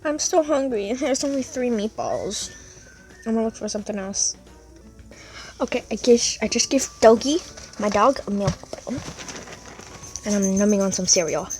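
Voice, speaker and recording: A woman's voice: medium pitch, normal speed, pauses often, darkish tone, faint music behind. A woman casually commenting on a game she is playing, chatty, and cooing at and scolding her pet dog along the way. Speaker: gaming vlogger.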